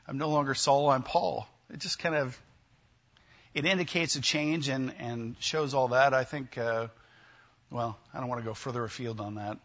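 Bright-voiced preacher, lo-fi recording. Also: male voice, mid-range voice, normal speed. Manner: conversational, asks the congregation questions. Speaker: pastor. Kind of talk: sermon.

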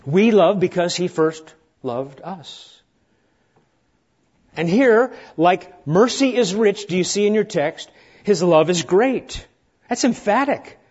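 A middle-aged man preaching a sermon as pastor, earnest, building to emphatic peaks and then falling quiet and slow. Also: high voice, expressive, slightly rough. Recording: dull lo-fi recording.

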